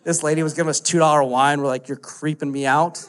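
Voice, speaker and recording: A man, preaching a casual, animated story-driven sermon full of "like" fillers. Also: a little high, fast. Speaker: pastor.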